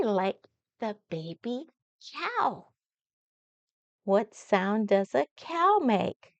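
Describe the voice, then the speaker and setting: An older woman storyteller speaks slowly to small children, her voice swooping up and down in a sing-song. Her tone is a little high and gravelly. The recording is dry and slightly dull. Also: big pitch swings, no room sound. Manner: slow, sing-song, coaxing questions to the child. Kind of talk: gentle read-aloud for young children. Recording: dull lo-fi sound.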